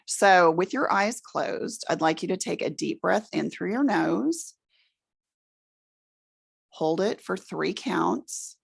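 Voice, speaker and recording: A middle-aged woman leading a room through a guided relaxation exercise, giving slow, soothing instructions. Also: on the low side, lively intonation, creaky, breathy edge. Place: presentation room with an audience.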